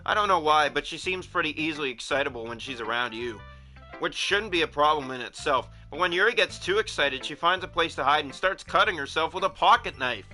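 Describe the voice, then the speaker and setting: A man's voice: on the high side, sharp tone, rough recording. A man voicing a confident, chatty teenage girl who runs a school club, talking in a breezy, confiding way.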